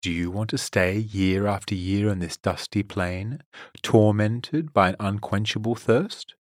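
A man reading a storybook, voicing a condescending female tempter who coaxes slowly and then commands. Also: fairly low pitch, dry recording, clean studio sound. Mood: coaxing. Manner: slow, coaxing, then commanding. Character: scheming woman tempter, silky and condescending.

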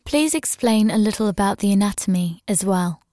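A woman voicing a commanding, smug male university lecturer in an audio story, speaking calmly and instructively. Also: mid-range voice, normal speed, no room sound, clean studio sound, close to an everyday voice.

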